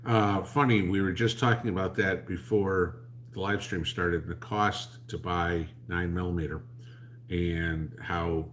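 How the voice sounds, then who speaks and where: A man's voice: low voice, level tone, measured pace, slight background noise. A man, hosting a livestream and answering chat in a blunt, rambling, sarcastic way.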